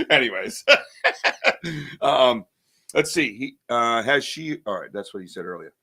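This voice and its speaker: A man hosting a podcast, chatting in an animated, joking way and swearing casually. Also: mid-range voice, slow pace, creaky, pauses often, breathy edge. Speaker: podcast host. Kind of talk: casual chat.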